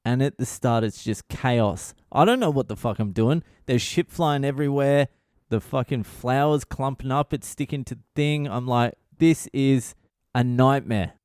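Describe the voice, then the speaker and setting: A tired man rambles through a story on his solo podcast, swearing at every turn and sounding exasperated. His voice sits in an ordinary middle pitch. The recording is dry and close, with no room sound. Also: normal speed, a little mellow, clean tone, dry recording. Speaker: podcast host, comedian. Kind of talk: casual solo monologue.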